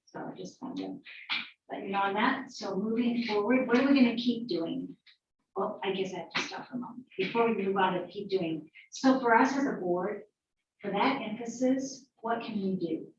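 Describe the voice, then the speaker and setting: A woman's voice: medium pitch, moderate pace, far from the mic, a little hiss or hum. A middle-aged woman presenting to a school board at a workshop, explaining plans with fillers and repetition. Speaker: school district superintendent. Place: meeting room. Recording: echoey dull room audio from afar.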